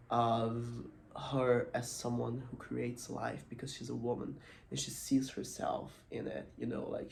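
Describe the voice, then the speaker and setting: Male vlogger, casual film breakdown, gravelly creak, chatty and animated, mid-range voice. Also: medium pitch. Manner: animated, chatty, many "like" fillers, acts out quotes.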